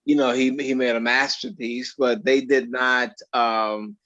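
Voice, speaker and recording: A man telling stories in an interview, animated and acting out the dialogue he quotes. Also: medium pitch, unhurried, dull audio. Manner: animated storyteller who acts out quoted dialogue. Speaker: actor guest. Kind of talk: storytelling in an interview.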